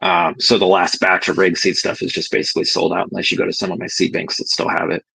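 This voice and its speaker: A man's voice: deep voice, little pitch movement, fast, creaky, sharp tone, husky, no echo, poor audio. A man talking casually and candidly as a guest on a livestream, laid-back and swearing now and then. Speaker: cannabis breeder guest.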